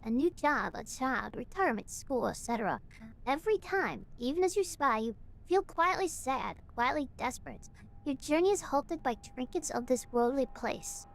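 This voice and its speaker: A woman voicing a solemn cult leader who gives a slow, grave farewell sermon while she reads game text aloud. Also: high-pitched, a little hiss or hum, pitched below the performer's own voice. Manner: slow, grave, preaching delivery.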